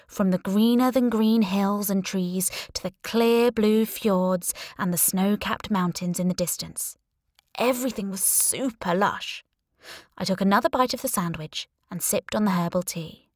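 Woman narrator, lowish voice, dry studio sound, playful first-person audiobook read. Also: no echo. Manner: expressive, wry, playful.

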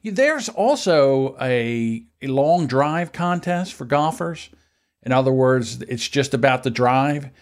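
A man co-hosting a podcast in crude casual banter, animated and breaking into loud chants and mock shouts. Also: mid-range voice, takes it slowly. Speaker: podcast co-host.

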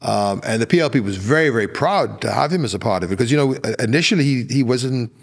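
An older Bahamian man, a former politician, tells anecdotes as a podcast guest in his Bahamian accent. His medium-pitched voice is gravelly with a breathy edge, expressive and quick. His speech is full of fillers and restarts.

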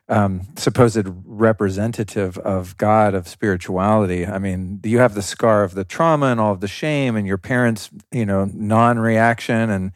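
A man's voice: lowish voice, a little slow, no echo, clean studio sound. A man hosting a podcast interview, asking thoughtful questions and searching for words. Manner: thoughtful, searching, many fillers. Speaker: podcast host. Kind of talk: interview conversation.

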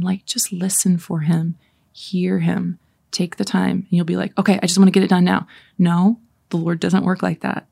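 A woman leading a guided scripture meditation. She reads slowly and softly, sometimes in a whisper, and talks between readings in a casual, chatty way. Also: on the low side, creaky, slightly rough, no room sound, clean studio sound. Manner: slow, soft reading with whispered passages. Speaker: prayer leader.

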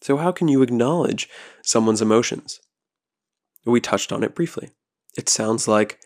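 A man hosting a solo podcast, speaking in a calm, reflective way and posing rhetorical questions to the listener. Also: medium pitch, moderate pace, long pauses. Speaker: podcast host.

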